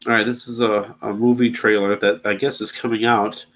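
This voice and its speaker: A man's voice: on the low side, level tone, fairly bright tone, low-quality recording. A man hosting his own channel, talking casually and impatiently while he browses and plays videos. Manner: rambling, impatient with slow computer. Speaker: channel host.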